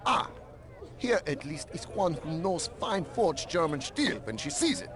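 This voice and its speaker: A man's voice: fairly high pitch, very animated, measured pace, crowd noise. An actor playing a haughty male bazaar merchant who speaks in a scornful, showy way.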